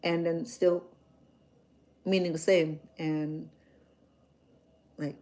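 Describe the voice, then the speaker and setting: A woman's voice: fairly low pitch, little pitch movement, takes it slowly, long pauses, dark tone. A woman from Cambodia with a Cambodian accent, a chef chatting casually to her viewers, repeating words and checking in with "okay?". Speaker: chef and host.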